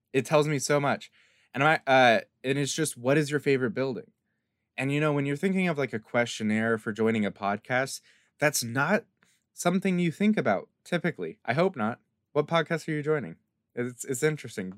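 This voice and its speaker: A man's voice: medium pitch, a bit bright, no room sound, studio quality. A man co-hosting a podcast in casual chat, talking earnestly and rambling with restarts, acting out little quoted exchanges. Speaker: podcast co-host.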